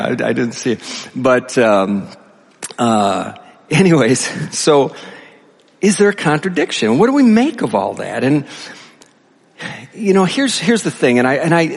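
A male pastor preaching a conversational sermon, reading scripture slowly between animated, chatty asides. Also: fairly high pitch, long reverb tail. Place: church sanctuary.

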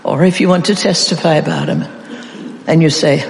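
Gravelly preacher, slow with dramatic pauses, asks the congregation to answer back, echoey church. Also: medium pitch, steady tone. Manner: call-and-response with the congregation. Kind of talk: sermon. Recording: echoey church hall reverb.

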